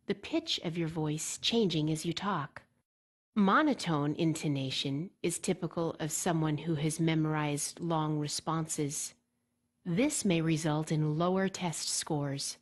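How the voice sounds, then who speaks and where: A woman reading a scripted exam-preparation lesson in a clear, measured way, slowing down to model example words. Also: fairly low pitch. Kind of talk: scripted instructional narration.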